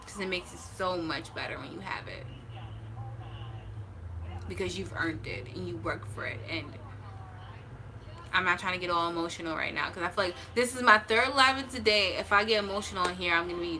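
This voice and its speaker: A woman tarot reader speaks in a lower register with a bright, forceful tone. She talks to her viewers casually and bluntly, swearing freely. She reassures them and drags out the words she wants to land. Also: a little hiss or hum, rough recording. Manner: emphatic, drawn-out stresses. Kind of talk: casual livestream talk.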